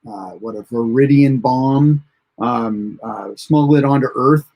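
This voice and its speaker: A man's voice: mid-range voice, measured pace, vocal fry, muffled recording. A man hosting a casual live TV episode review, recapping the plot in a rambling way with many fillers and restarts and chuckling at the funny parts. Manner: chuckles at funny moments while recounting. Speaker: host of a TV episode review show.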